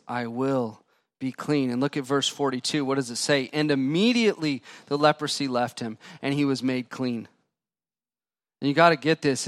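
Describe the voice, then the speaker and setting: A pastor preaching a sermon to his congregation, emphatic and questioning, swinging between loud and quiet. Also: a little high, dry recording, clean studio sound.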